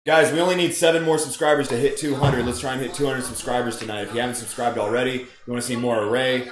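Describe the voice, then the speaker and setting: Casting: a quick, chatty co-host man reading viewer comments aloud in a living room. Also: mid-range voice, fairly even intonation. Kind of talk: casual live-stream chat. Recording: echoey room.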